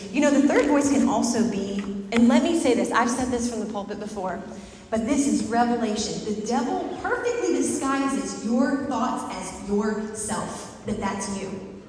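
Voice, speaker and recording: A woman pastor giving a sermon in a conversational, lively way, laughing and acting out little asides. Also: a little high, measured pace, a little hiss or hum. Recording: very echoey hall, mic far off, faint ambience.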